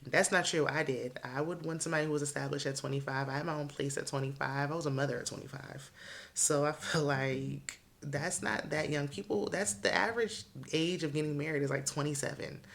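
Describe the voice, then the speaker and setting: A woman's voice: low-pitched, fairly even intonation, a little fast, creaky. A woman in her thirties giving a chatty, blunt and candid recap of a reality TV show. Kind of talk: casual opinionated recap.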